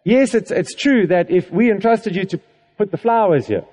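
A male preacher with a high, mellow voice delivers a sermon in a chatty, conversational way. He often checks in with the congregation and laughs as he talks. His voice carries a long reverb from a church hall. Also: animated, moderate pace.

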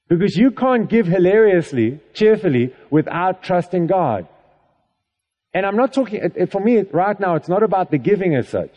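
Guy preaching, high mellow voice, chatty with lots of "okay?", big echoey church hall. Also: lo-fi sound. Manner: conversational, with laughs and frequent "okay?" check-ins to the congregation. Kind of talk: sermon.

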